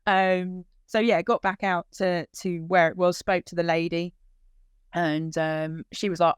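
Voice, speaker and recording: A woman's voice: lowish voice, unhurried, smooth, no echo, clean studio sound. A woman telling the emotional story of searching for her lost dog, acting out the dialogue as she goes. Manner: animated retelling with quoted dialogue, voice lifting when moved.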